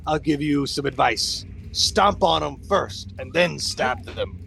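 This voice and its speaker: A man's voice: fairly high pitch, slow, gravelly, a bit bright, slight background noise, pitched above the performer's own voice, exaggerated voice. A man voicing a pompous, boastful male hero who speaks in lofty, formal phrases in a tabletop game. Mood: grandiose. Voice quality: grandiose, theatrical.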